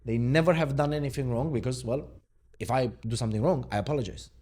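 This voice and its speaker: A man's voice: medium pitch, fast talker, a little mellow. A man from Romania, a mindset coach giving an unscripted reaction, wry and sarcastic.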